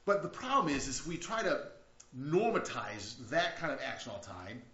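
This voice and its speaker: Very animated, a pastor with a slightly high, sharp-toned voice preaches at normal speed in a conversational manner, restarting often and rising into outcries. It was captured in an echoey, dull, lo-fi church recording.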